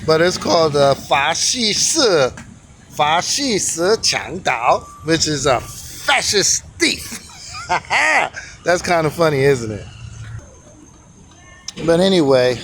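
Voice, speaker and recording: A man's voice: medium pitch, a little hiss or hum. A man teaching on camera in a casual, easygoing, informal way. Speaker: calligraphy teacher.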